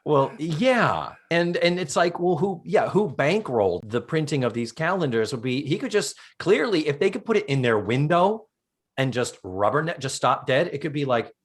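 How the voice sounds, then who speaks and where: Lively male podcast co-host, casual recapper, swings his voice widely. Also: a little high, normal speed, breathy edge. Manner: animated storyteller, swears casually.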